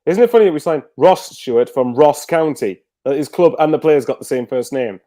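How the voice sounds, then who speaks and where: Fast-talking rambling man, dry sound. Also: fairly high pitch, lively intonation, dark tone, no echo. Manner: rambling, many fillers and restarts. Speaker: guest football fan. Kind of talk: casual video call chat.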